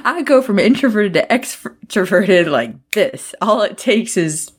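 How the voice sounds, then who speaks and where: A woman's voice: medium pitch, animated, a little slow, husky. A woman co-hosting a podcast in casual chat, tipsy from drinking, rambling, swearing and laughing often. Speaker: podcast co-host.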